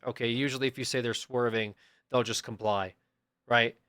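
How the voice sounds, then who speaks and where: A young man streaming and telling a story to his chat in an easygoing, middle-pitched voice. The sound is dry and up close. He keeps bursting into animated impressions of the people he quotes. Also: moderate pace, smooth, no room sound. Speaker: livestreamer.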